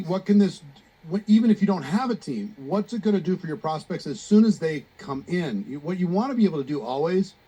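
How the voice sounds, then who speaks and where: Man with a dark husky voice. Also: a little high, poor audio. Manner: explanatory, direct. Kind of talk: live online presentation.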